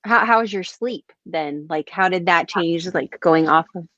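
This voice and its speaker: A woman's voice: lowish voice, normal speed, bright, forceful tone, dry recording, lo-fi sound. A woman interviewing a guest, answering briefly and encouragingly and asking short questions. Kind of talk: casual interview chat.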